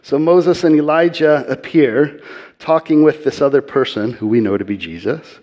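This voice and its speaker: A man giving earnest sermon-style Bible teaching, slowing and softening his voice for emphasis. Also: fairly high pitch.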